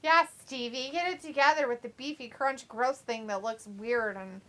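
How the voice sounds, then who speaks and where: Young woman streamer, bright n a bit high, giggly and playful, reads the chat out loud. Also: moderate pace. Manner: giggly, playful, sing-song outbursts. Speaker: watch-along stream host. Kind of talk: casual live-stream chat, reading out chat messages.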